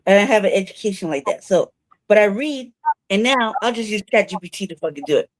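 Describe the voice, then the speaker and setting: This woman, a news talk show co-host, talks fast and animatedly from her own room, spinning profane stories and laughing a lot. Her voice is mid-range, and the recording has no echo.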